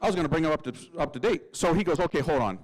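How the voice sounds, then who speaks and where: Lively, slangy male priest telling a story. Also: fairly high pitch, racing, low-quality recording. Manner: lively, slangy, acts out voices. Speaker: Catholic priest. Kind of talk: humorous storytelling testimony.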